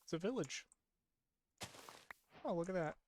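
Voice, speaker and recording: A man giving casual, rambling gameplay commentary late at night, sleepy and yawning, who repeats himself and gets excited easily. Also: high-pitched, a little slow, a little hiss or hum. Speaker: streamer.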